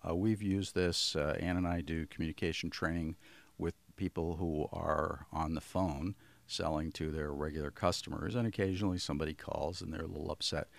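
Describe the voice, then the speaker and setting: A man's voice: rumbling low, steady tone, brisk, creaky. A man who works as a communication trainer, giving an instructional talk in a folksy, conversational way with homely examples.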